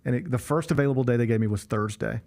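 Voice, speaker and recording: A man's voice: medium pitch, very fast, vocal fry. A man hosting a show, telling an exasperated story in casual chat and acting out the people in it. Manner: animated, exasperated, acts out the people in his stories. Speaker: show host.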